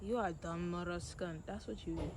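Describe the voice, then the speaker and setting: A woman's voice: on the low side, normal speed, noisy background. A woman, talking bluntly and scolding with lots of swearing on the street. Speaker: passer-by being pranked.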